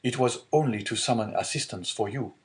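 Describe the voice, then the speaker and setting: A man's voice: mid-range voice, brisk, natural voice. A man voicing an honest, earnest young male sailor in an audiobook, sincere and eager. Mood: pleading.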